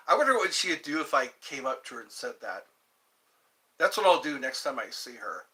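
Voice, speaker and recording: A man's voice: mid-range voice, a little fast, bright, forceful tone. A man hosting a livestream, chatting casually and rambling with frequent chuckles. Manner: chuckling, drifting between impressions. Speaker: livestream host.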